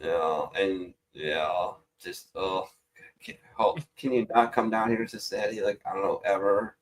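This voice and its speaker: A man's voice: low voice, steady tone, moderate pace, a little hiss or hum. A man hosting a casual online chat, joking and swearing as he reads memes aloud and laughs at them. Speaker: show host reading memes.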